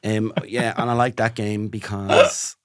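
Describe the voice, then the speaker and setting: A man's voice: fairly low pitch, level tone, measured pace, no echo. Irish guy joking around on a podcast, self-mocking, dry studio mic. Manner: playful, self-mocking storytelling. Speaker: podcast co-host. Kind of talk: casual chat.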